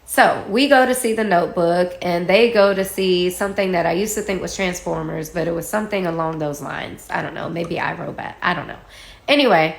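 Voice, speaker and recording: A woman casually telling a personal story, animated and acting out what others said. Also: lowish voice, a little fast, gravelly. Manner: animated, acts out quoted dialogue, laughs while telling. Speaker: guest storyteller. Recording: roomy echo.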